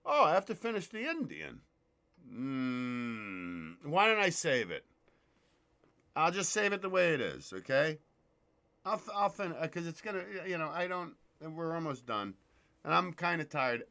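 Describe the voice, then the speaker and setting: A man hosting a casual livestream, excitable and profane, greeting viewers in the chat by name. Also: a little high. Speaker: livestream host.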